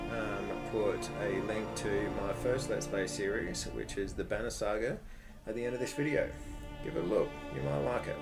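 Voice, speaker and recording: A man casually commenting on a video game he plays, chatty, excitable and swearing often. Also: on the low side. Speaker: let's play host. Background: game music.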